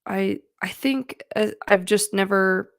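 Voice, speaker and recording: A woman's voice: medium pitch, takes it slowly, no echo, clean studio sound. A woman giving casual, earnest advice on feelings to her viewers, chatty and full of fillers. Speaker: mental health vlogger. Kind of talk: casual talking-to-camera advice.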